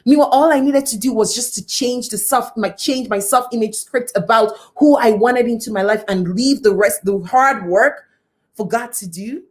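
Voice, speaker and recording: A woman's voice: a little high, moderate pace, a little mellow. Woman, motivational speaker, repetitive and emphatic. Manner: emphatic, repeats phrases for effect. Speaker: guest speaker and coach. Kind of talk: motivational talk.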